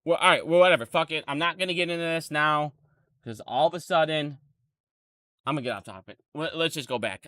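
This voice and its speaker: A man's voice: fairly high pitch, fairly quick, pushed and bright, no room sound, studio quality. A man in his thirties ranting on a live stream, angry and heavily profane. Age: 30s.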